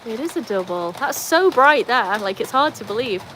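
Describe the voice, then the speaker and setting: A woman's voice: on the high side, expressive, moderate pace, pushed and bright, a little hiss or hum, low-quality recording. Chatty British woman hosting a livestream. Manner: chatty, reads out viewer comments and coaxes her dogs. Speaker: livestream host. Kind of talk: casual livestream chat. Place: covered tin-roofed veranda during rain.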